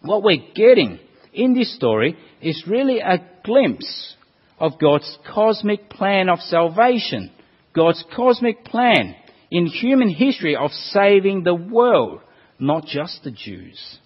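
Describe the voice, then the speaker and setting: Male pastor, husky slightly high voice, sermon in a reverberant hall, dull lo-fi sound. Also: slow pace. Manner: animated preaching, rhetorical questions.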